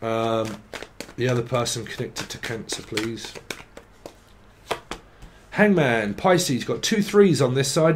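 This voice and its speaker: A medium-pitched male voice moves slowly with long pauses, over a slight hiss or hum. He's a tarot reader in a casual psychic monologue, wandering from point to point, swearing, and sometimes chanting in a sing-song way.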